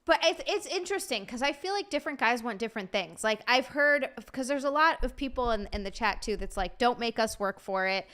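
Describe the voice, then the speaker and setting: A woman's voice: sits high, animated, a little fast, few pauses, fairly bright tone. A young woman hosting a live-streamed podcast, chatting casually with lots of fillers and giggles. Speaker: podcast host.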